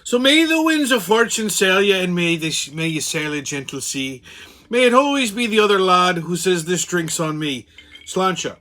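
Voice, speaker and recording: A jolly Irishman raises his glass, as a man puts on the accent, in a hearty, sing-song lilt. The voice sits fairly high and has a bright, forceful edge. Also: lively intonation, moderate pace, a little hiss or hum. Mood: festive toast. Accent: put-on Irish.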